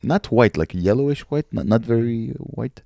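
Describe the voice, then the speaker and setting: A man's voice: mid-range voice, animated, moderate pace, gravelly, warm tone, no room sound. A man co-hosting a comedy podcast, chatting casually and teasing with crude jokes. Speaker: podcast co-host.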